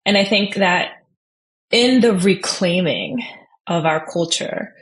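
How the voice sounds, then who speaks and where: A woman guest on a podcast, talking in a rambling, animated way with a low, sultry-toned voice. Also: slow. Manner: rambling, animated, self-deprecating. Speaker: guest dietitian. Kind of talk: casual conversational interview.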